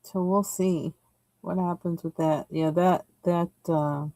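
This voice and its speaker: A woman's voice: on the low side, fairly even intonation, slow pace, warm tone, no echo, poor audio. A woman hosting a coloring livestream, chatting casually and rambling while she picks colors. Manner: chatty and rambling, laughs often, trails off while searching for colors.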